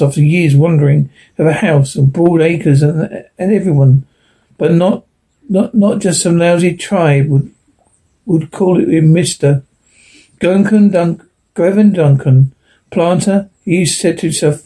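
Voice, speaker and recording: A man narrating a science fiction story as an audiobook, steady, with occasional slips and restarts. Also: a little high, slightly rough.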